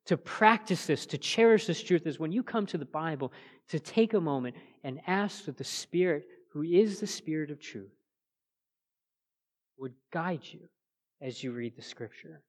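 A man preaching a sermon as pastor, earnest, rising to emphatic peaks and then dropping soft. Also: on the high side, expressive, moderate pace. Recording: long church reverb.

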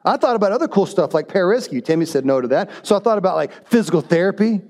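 A middle-aged man preaching a sermon, telling the story with lively animation and briefly voicing the characters' lines. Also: sits high, very fast. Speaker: pastor.

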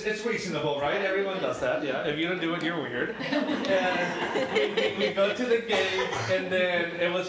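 Pastor, male, easygoing conversational sermon voice, slightly high, mic set back in a booming, reverberant sanctuary. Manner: relaxed, conversational storytelling. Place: church sanctuary. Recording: very echoey room from a distance.

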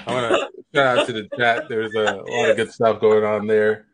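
A man doing an improv comedy scene on a livestream. He sounds exasperated and laughs often. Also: on the low side. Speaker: improv performer and stream host.

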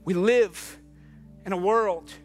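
A man preaching a sermon as pastor, swinging from hushed, slow reflection to urgent, pleading appeals. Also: high-pitched, faint music behind.

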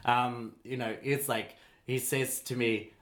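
A man's voice: medium pitch, slow pace. A man co-hosting a podcast in casual chat, telling stories and acting out little voices. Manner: lively storyteller who acts out voices. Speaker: podcast co-host.

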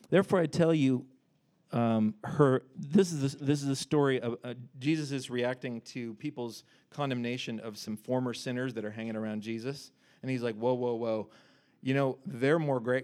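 Casual, animated male preacher. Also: mid-range voice. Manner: animated, conversational, breaks off to joke and paraphrase. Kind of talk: casual sermon with scripture reading.

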